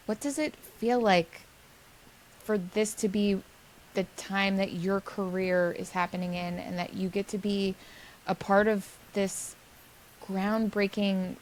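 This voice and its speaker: A woman's voice: mid-range voice, a little hiss or hum, rough recording. Enthusiastic woman podcast host. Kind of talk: podcast interview.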